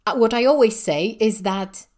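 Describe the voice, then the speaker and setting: A woman's voice: on the high side, normal speed, darkish tone. A woman with a Polish accent, an English teacher trainer, ranting passionately on a solo podcast with emphatic rhetorical questions. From Poland.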